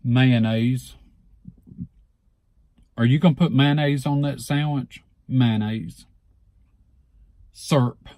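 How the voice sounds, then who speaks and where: A man with a Southeast Alabama accent, casually reading a word list for his vlog and repeating each word slowly and deliberately. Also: mid-range voice, dark tone, no room sound. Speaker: vlogger.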